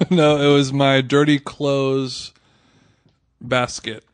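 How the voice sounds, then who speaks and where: A man's voice: medium pitch, flat delivery, drawn-out words, clean tone, dry recording. A man co-hosting a podcast in casual chat, telling loose, rambling anecdotes. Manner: laid-back, rambling anecdotes. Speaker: podcast co-host.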